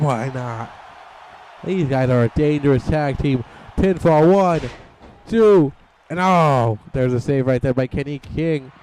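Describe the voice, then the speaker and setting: A young man calls a wrestling video game match in loose, excited play-by-play, slipping into quick impressions of what the wrestlers might be thinking. His voice sits a little high for a man, with a faint hiss of noise behind it. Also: rough recording. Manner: rambling and playful, voicing wrestlers' thoughts in quick asides.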